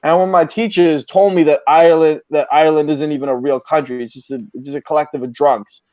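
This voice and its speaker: A man tells stories in casual podcast talk, swearing freely and animated in his delivery. His voice sits a touch high. The recording is dry and a little muffled. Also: fast, dry recording. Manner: profane, animated storyteller. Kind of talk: casual storytelling chat.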